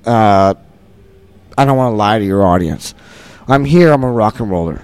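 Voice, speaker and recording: A man's voice: lowish voice, animated, moderate pace, a little mellow, clear, resonant tone, no echo. A middle-aged man, a concert producer, talking earnestly and repetitively in a festival interview.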